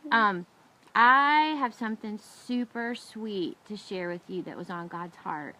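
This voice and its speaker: A middle-aged woman co-hosting a faith talk show, telling an emotional personal story with lively, expressive delivery and asking her listener questions. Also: medium pitch, a little slow, low-quality recording. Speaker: ministry show co-host. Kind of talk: testimony and encouragement talk.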